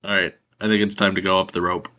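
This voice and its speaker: A man's voice: sits low, flat delivery, fast, sharp tone. A man playing in a tabletop game over a voice call, laid-back and casual. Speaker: player.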